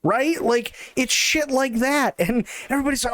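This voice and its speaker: A man's voice: very high-pitched, normal speed, hardly any pauses, a bit bright, no room sound. A male streamer ranting in casual, profane, sarcastic chat on a live stream.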